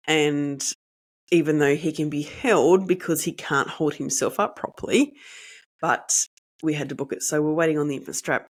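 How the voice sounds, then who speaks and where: A woman, hosting a podcast and telling a personal story in an animated, indignant way, acting out the dialogue. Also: low voice. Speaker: podcast host.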